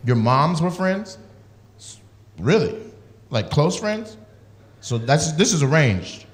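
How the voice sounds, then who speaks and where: A man's voice: on the high side, sing-song, a little hiss or hum. A male comedian doing profane, teasing crowd work with audience members. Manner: teasing, profane, quick banter. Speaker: stand-up comedian.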